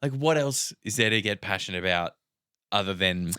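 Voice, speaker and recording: A man's voice: fairly low pitch, lively intonation, a little fast, bright, forceful tone, clean tone. Laid-back Australian guy telling stories. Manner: laid-back storytelling with swearing. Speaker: podcast co-host. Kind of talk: casual podcast chat.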